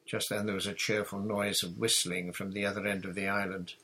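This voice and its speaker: A man narrating a children's adventure novel in a measured, plain reading style. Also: sits low, little pitch movement, pushed and bright, husky, rough recording. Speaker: audiobook narrator. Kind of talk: storybook reading.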